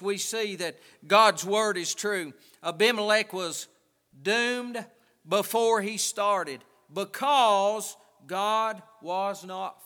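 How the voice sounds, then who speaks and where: A man preaching a sermon with emphatic delivery, pausing and restarting often. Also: sits high, bright, forceful tone, clean tone, in a large hall.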